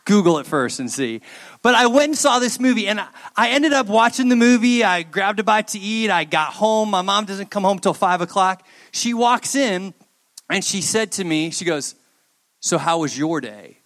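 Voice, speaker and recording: A young adult man giving a youth sermon, telling a personal story in an animated way and acting out the dialogue. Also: high-pitched, normal speed. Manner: animated storyteller, acts out dialogue in quoted voices.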